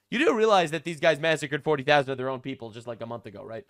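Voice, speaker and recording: A man's voice: a little high, big pitch swings, rapid-fire, hardly any pauses, fairly bright tone. A man giving sarcastic, crude political commentary as a vlogger.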